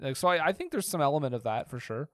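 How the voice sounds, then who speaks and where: A man's voice: on the high side, animated, very fast, a bit bright, no echo, studio quality. A man co-hosting a casual film podcast, easygoing and conversational. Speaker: podcast co-host.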